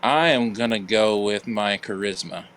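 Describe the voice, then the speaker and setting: Player dude slowly explaining what his guy does, lots of likes and pauses. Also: on the low side, fairly bright tone. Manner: unhurried, hesitant with fillers. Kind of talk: describing his character's actions in a tabletop game.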